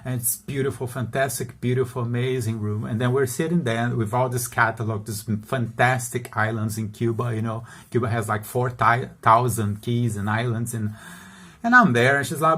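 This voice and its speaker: A man's voice: medium pitch, steady tone, moderate pace, fairly bright tone. Middle-aged guy, salesman vibe, rambling chatty stories, laughs between bits. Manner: chatty, keeps checking in with the listener, laughs between points. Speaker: international salesman sharing travel stories. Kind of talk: casual storytelling monologue.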